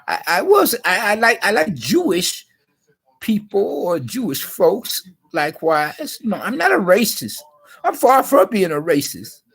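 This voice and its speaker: Man impersonating a rambling self-pitying young man, very high voice, husky, stammering, drawn-out pleading, satirical impression monologue. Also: wildly swooping pitch, fairly bright tone, heavily acted. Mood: rambling defensive. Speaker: vlogger.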